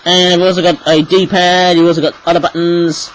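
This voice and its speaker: A man reviewing toys in a rambling, chatty way, with a frog in his throat that makes him clear it often. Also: high-pitched, flat delivery, moderate pace, a little hiss or hum, poor audio. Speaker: toy reviewer. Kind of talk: casual video review.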